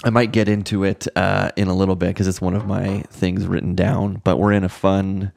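A man co-hosting a church podcast in relaxed, rambling casual chat, with frequent fillers. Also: sits low, brisk, gravelly, no room sound, clean studio sound. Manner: laid-back, rambling, frequent "uh" and "like".

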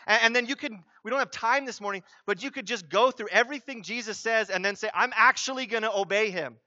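A man preaches a sermon in a high, bright voice. He is conversational and emphatic, acting out what people say. The sound is dry and slightly dull. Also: quick pace, no room sound. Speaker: pastor.

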